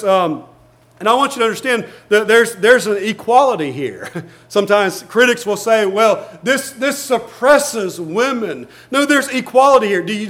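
Male pastor, high-pitched, earnest sermon delivery with scripture reading and frequent restarts. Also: a bit bright. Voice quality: reads scripture aloud in King James wording. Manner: earnest preaching with frequent repeated words and light laughs.

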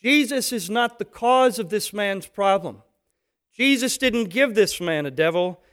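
A man preaching a sermon, emphatic and animated, acting out little scenes as he teaches. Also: high-pitched, a little slow.

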